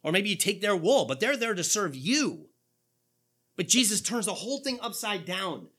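A man preaching a sermon, his voice slightly husky and bright in tone. He speaks with lively swings in pitch, and he fires off rhetorical questions as he quotes scripture. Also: normal speed. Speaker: pastor.

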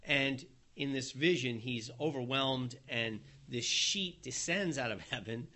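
Preaching a sermon, a man tells the story in a lively manner, chuckling here and there. His pitch is medium and his pace measured.

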